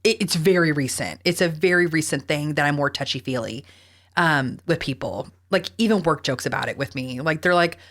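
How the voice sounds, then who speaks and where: A chatty Texan woman co-hosting a podcast, her voice sitting on the low side. She rambles through fillers and drops casual swears as she tells her stories. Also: brisk, fairly bright tone. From Texas. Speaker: podcast host. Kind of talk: casual chat.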